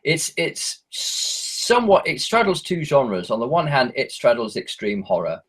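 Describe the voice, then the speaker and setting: A man's voice: mid-range voice, very animated, unhurried, fairly bright tone, husky. An English man, a horror author, chatting casually as a podcast guest, hesitant with many ums and self-mocking asides. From England.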